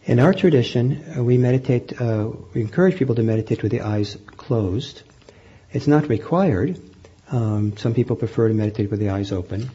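A man teaching meditation, guiding a group in a gentle, unhurried way with frequent pauses and fillers. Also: medium pitch, expressive, husky, highs cut off. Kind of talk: guided meditation instruction.

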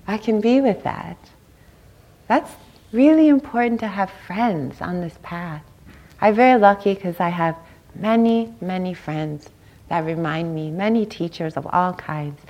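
A woman's voice: lowish voice, a little slow, lo-fi sound. A meditation teacher, a woman, giving a dharma talk at a meditation center, chatty and informal, often checking in with the listeners. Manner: warm conversational, seeks agreement with "right?".

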